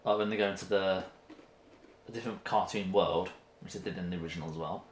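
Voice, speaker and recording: Man co-host, halting casual talk, echoey room with a faint hiss behind him. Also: low voice. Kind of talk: casual chat over a meal. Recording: roomy echo with faint noise.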